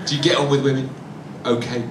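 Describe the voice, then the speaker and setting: A man's voice: medium pitch, flat delivery, fast. Blunt, rambling male chat-show host. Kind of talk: casual chat-show interview. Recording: echoey, distant, noisy live recording.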